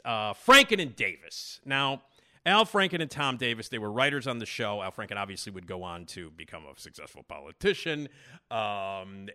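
A man's voice: lowish voice, bright, forceful tone. A male podcast host giving rambling casual commentary with lots of fillers.

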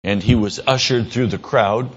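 A man's voice: slightly rough, highs cut off, soft background music. A man preaching an earnest, emphatic radio sermon as a pastor. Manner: earnest preaching, slow and emphatic, rising in pitch when pressing a point.

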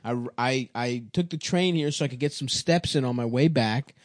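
A man co-hosting a comedy podcast, reacting with animated disbelief and crude jokes on a studio mic. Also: medium pitch, moderate pace, dry recording. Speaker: podcast co-host.

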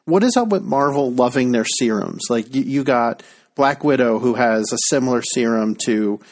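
A man's voice: mid-range voice, animated, moderate pace. A man co-hosting a casual pop-culture chat, rambling and hesitant, with casual swearing. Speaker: podcast co-host.

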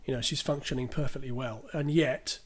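A podcast co-host with a medium-pitched, fairly even, brisk voice recaps a film in a rambling, hesitant way, packed with fillers and restarts. At one point he clears his throat during the casual movie chat.

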